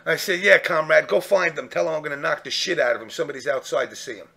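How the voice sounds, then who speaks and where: A man telling a profane, animated story in casual chat, acting out the people he quotes. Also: a little high, quick pace, vocal fry.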